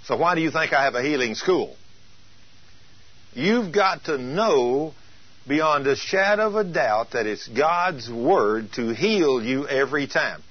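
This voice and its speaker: Husky preacher man, emphatic. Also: medium pitch, animated, unhurried, dry recording. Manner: emphatic, rhetorical questions. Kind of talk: teaching sermon. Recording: dull lo-fi recording.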